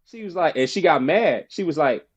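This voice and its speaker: Man, podcast guest, animated storyteller, casual slang, slightly raised pitch, dull lo-fi sound. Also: normal speed. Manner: animated storyteller, acts out quoted friends in a higher voice; casual slang, frequent "bro" and "you know".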